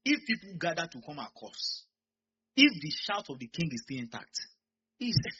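A man with a Nigerian accent preaching a sermon, swinging from quiet asides to loud shouts. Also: fairly high pitch, big pitch swings, a little fast, slightly rough, lo-fi sound.

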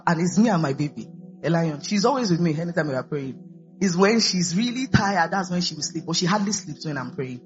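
A woman's voice: lowish voice, animated, brisk. Lady pastor preaching, tossing in hallelujahs and glory to god, muffled lo-fi sound, faint music. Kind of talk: sermon. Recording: dull lo-fi recording with faint music.

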